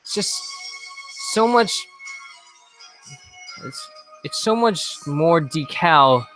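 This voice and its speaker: A man's voice: on the high side, animated, extremely slow, fairly bright tone, soft background music. A man hosting a reaction video, chatting casually into a handheld mic, rambling and restarting his sentences. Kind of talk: casual commentary. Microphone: handheld microphone.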